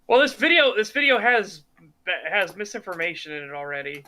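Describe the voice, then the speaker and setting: Bright-voiced man riffing on games. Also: sits high, brisk. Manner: animated, opinionated, swears freely. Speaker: podcast host. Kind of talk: casual gaming commentary chat.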